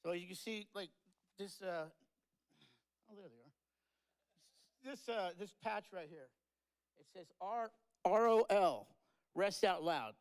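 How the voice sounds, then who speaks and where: A man with a fairly high voice speaks at a memorial gathering. He rambles through his tribute with plenty of fillers and mixes goofy jokes with choked-up, tearful moments. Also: lively intonation, slow pace, long pauses, clear, resonant tone, poor audio. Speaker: eulogy speaker. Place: live-streamed memorial event.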